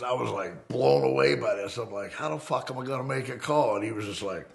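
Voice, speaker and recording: A middle-aged man from the United States, an ex-convict telling his life story in a casual, profane, animated way, acting out the voices he quotes. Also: fairly low pitch, brisk, creaky, few pauses.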